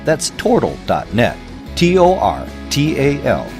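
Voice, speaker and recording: A man's voice: medium pitch, wildly swooping pitch, measured pace, a little mellow. Man reading a sponsor ad over guitar. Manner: smooth promotional delivery. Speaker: sponsor announcer. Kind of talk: scripted ad read. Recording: music bed under voice. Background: guitar music.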